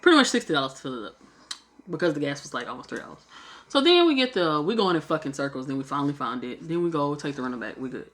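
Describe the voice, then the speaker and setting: Talking fast in a low voice, a young woman recounts a travel story in a casual, animated way. She swears freely and performs the quotes of the people involved.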